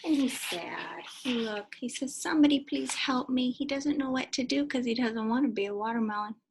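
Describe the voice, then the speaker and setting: A woman teacher reading a picture book aloud to young children in an animated way, stopping to ask them questions. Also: fairly high pitch, normal speed, a little hiss or hum.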